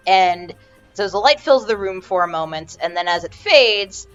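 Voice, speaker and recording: A woman's voice: mid-range voice, animated, moderate pace, clear, resonant tone, muffled recording, soft background music. A woman narrating a tabletop game as game master, rambling with frequent restarts. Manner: rambling, restarts often, many fillers.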